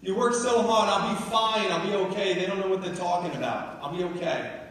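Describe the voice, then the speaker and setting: A man's voice: sits high, brisk, a bit bright, voice pushed up. A man voicing his mother, an older woman with a New York accent who stubbornly brushes off worry, in an echoey hall heard from far off. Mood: insistent.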